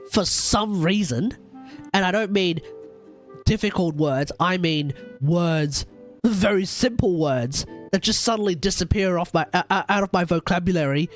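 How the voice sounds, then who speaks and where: A man streaming a game, nasal and stuffy from a cold, rambling and joking as he repeats himself. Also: sits high. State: blocked nose from a cold. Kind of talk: casual live-stream chat.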